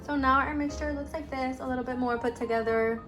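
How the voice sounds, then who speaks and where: A young woman with a somewhat high voice talks casually to her camera in a home kitchen. She rambles happily from one tangent to the next while hosting her cooking vlog. Faint music plays in the background. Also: fairly even intonation, a little fast, fairly bright tone. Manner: chatty, wanders off on tangents. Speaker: vlogger.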